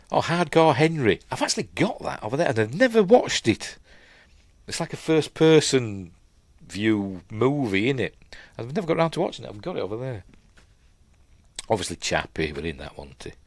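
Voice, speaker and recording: A man's voice: mid-range voice, no room sound. A middle-aged man with a Yorkshire accent, casually recapping and reviewing a film in a rambling, chatty way full of fillers and asides.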